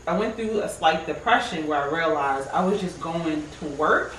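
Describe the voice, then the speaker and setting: A woman's voice: deep voice, normal speed, slight background noise. Emotional woman from New York, roomy and distant. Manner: animated storytelling, acts out her own past remarks. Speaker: team member sharing her story. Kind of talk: emotional personal testimony in a group circle.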